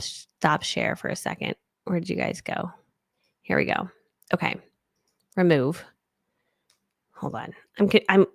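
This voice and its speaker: A woman's voice: vocal fry, no room sound, studio quality. Upbeat chatty woman coaching live. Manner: energetic, chatty, big upbeat swings in pitch; thinks aloud while fumbling with screens. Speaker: online business coach. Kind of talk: live-streamed teaching.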